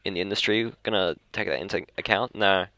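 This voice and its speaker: Young Australian guy, low voice, dry close sound, chatty podcast host who keeps restarting his sentences. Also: fairly quick, creaky, pushed and bright, no echo. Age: young adult. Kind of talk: casual chat. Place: school library.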